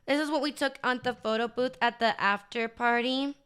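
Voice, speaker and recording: A woman's voice: on the high side, fairly even intonation, normal speed, fairly bright tone, clean tone. A young woman streamer chatting casually to her live chat, bubbly and gushing, with lots of fillers.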